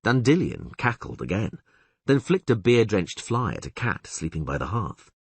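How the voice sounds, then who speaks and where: Male narrator, low and husky, dry close read, lively delivery. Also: dry recording. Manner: low, measured storytelling. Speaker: audiobook narrator. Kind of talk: scripted narration.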